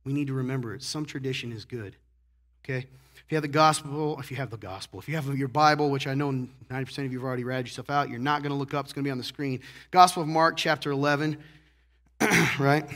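A man preaching a sermon, joking and animated, acting out little scenes and clearing his throat often. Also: mid-range voice, fast talker. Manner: joking, animated, acts out characters. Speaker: pastor.

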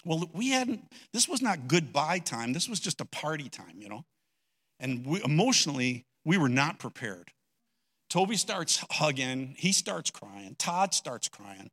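An older man preaching a sermon, telling a personal story with strong emotion, dropping to a hush and then rising loud. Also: on the high side, sing-song, unhurried. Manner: emotional storytelling, swinging between hushed and loud. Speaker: pastor.

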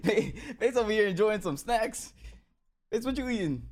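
A man co-hosts in casual banter, loud and playfully teasing. His pitch sits a little high and bounces around a lot. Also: lively intonation, moderate pace. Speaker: co-host, pro player.

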